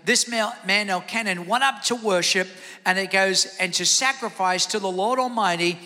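A man preaching a sermon as pastor, energetic, calling out to the congregation for responses in a church sanctuary. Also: high voice, in a large hall.

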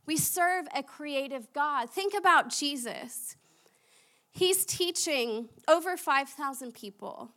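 A young woman preaching a sermon, chatty and animated, laughing at herself as she tells stories. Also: high voice, slow pace.

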